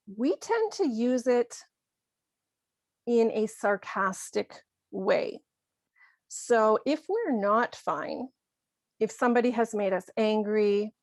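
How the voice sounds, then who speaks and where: A woman teaching an English lesson, explaining slowly and clearly and acting out short example lines. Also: medium pitch, no echo, clean studio sound. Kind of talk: scripted ESL lesson.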